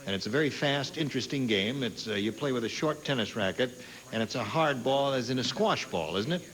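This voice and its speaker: A man's voice: mid-range voice, brisk. A man hosting a TV game show, joking and laughing often with guests on stage. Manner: jokey, animated, laughs often. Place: TV studio stage with audience. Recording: noisy old TV broadcast.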